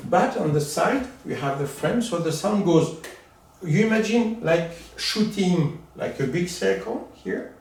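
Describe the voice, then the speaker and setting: A man giving a live demonstration lesson as a teacher, animated and coaxing, in a room at home. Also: high-pitched, a little slow. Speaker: echolocation teacher. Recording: very echoey room, far from mic.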